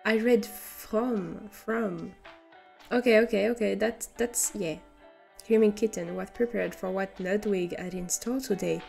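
A woman's voice: medium pitch, measured pace, gravelly, darkish tone, soft background music. A young woman with a French accent who is not a native English speaker, reading a story aloud on stream and breaking into giggly, amused asides.

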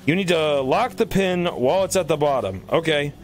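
A man streaming a video game, commenting casually, excitable and swearing as he yells at the game. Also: fairly high pitch, normal speed, soft background music.

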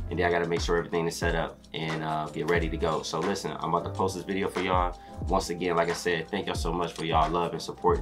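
A young adult man casually reacting to a dance video, excitable and slangy, repeating his exclamations. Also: low-pitched.

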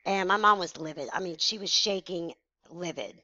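A woman vlogger in her forties tells her viewers a personal story to camera, frank, emotional, and blunt. Her voice is lowish, bright, and forceful at a moderate pace, recorded with no room sound and the highs cut off.

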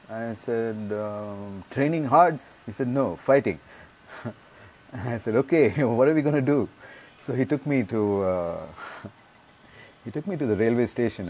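A man telling a personal story in a casual, animated way. He laughs often and acts out the quotes. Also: lowish voice, a little hiss or hum. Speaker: yoga teacher and guest.

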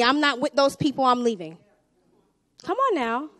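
A young woman preaching a sermon with a Southern US accent, swinging between hushed asides and loud exhortation. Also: high voice, sing-song, normal speed, dry recording.

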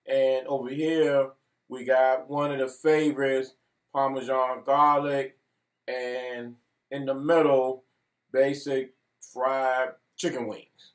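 A man's voice: medium pitch, little pitch movement, slow. A man co-hosting a mukbang eating show, talking in a laid-back, drawling casual chat while he eats. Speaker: mukbang co-host.

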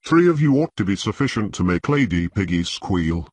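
A man's voice: low-pitched, very animated, a little fast, no room sound. A man voicing a cold, sneering master-at-arms. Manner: taunting, contemptuous.

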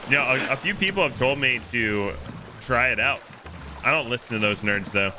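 A man's voice: medium pitch, normal speed, bright, forceful tone, slight background noise. A young man hosting a game stream, chatting casually with friends in a playful, joking way and slipping into mock-solemn preaching. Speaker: streamer and host. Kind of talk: casual gaming chat with friends.

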